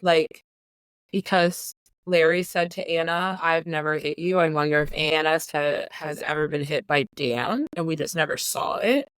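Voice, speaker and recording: A woman guesting on a podcast, giving opinionated takes on a film with quick bursts and sudden pitch jumps. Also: clean tone, no room sound. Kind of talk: casual film discussion.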